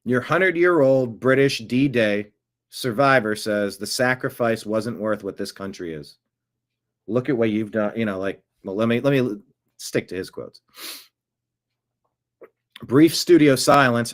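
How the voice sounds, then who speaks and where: A man delivering political commentary, emphatic and indignant. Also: medium pitch.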